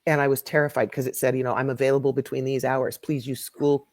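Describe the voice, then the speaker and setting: A woman's voice: rumbling low, flat delivery, fast, darkish tone, no echo, studio quality. A woman who is a music educator, a podcast guest telling candid, self-mocking stories in casual conversation.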